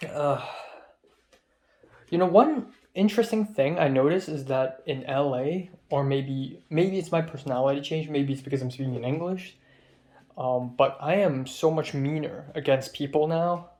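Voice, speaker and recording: A man's voice: fairly high pitch, moderate pace, darkish tone. A young man from Hong Kong, a film student, talks in a rambling, profane diary vlog, full of ums and restarts. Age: young adult. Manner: rambling, profane, with many fillers.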